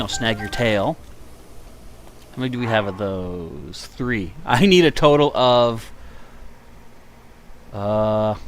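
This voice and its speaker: A tired, yawning man livestreams a video game, rambling casually as he chats with viewers. His mid-range voice is slightly bright, with a faint hiss or hum in the background.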